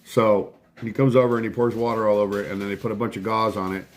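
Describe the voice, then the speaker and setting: A man's voice: on the low side, steady tone, fast talker, very noisy. A middle-aged man hosting a casual live stream from home, telling a rambling story full of swearing and breaking off to thank viewers. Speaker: livestream host.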